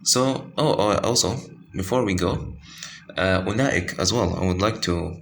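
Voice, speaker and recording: Very low-voiced man teaching tajweed. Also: gravelly, fairly bright tone, a little hiss or hum. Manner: halting, many fillers and self-corrections. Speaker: Quran recitation teacher. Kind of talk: informal tajweed lesson with screen pointing.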